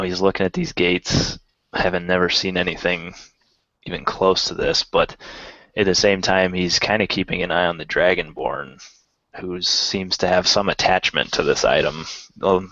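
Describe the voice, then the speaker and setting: A man describing his character in a tabletop game in a relaxed, casual way. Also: low-pitched, vocal fry, no echo, highs cut off. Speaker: player.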